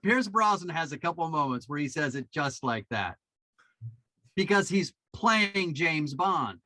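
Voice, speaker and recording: Podcast dude with a bright lively voice, keeps asking stuff, dry close mic. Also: male voice, a little high, measured pace, dry recording, rough recording. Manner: probing, keeps asking questions. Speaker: podcast co-host. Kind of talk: casual film discussion.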